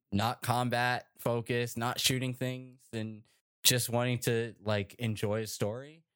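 A man hosting a casual group chat show, talking in an animated, rambling way with many fillers and tag questions. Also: mid-range voice, smooth. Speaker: podcast host.

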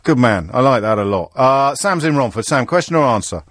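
A man's voice: medium pitch, animated, a little fast, a bit bright, dry recording, a faint crowd. A man hosting a live radio phone-in from a studio, playful and teasing, often stumbling over repeated words as he restarts. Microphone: studio microphone.

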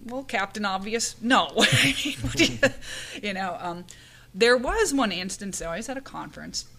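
A woman on a casual panel chat, telling stories with animated delivery, acting out what people said and laughing often. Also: mid-range voice, normal speed, vocal fry. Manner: animated storyteller, acts out quoted lines, laughs often. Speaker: podcast panelist and conference speaker.

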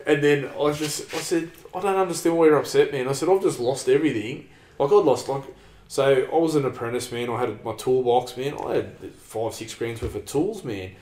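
A man with an Australian accent spins a rambling, sweary story in loose conversation, filling his talk with "man" and "like". His voice sits at an ordinary pitch. The recording has a noticeable roomy echo. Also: fairly quick, a little mellow. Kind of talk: casual storytelling chat.

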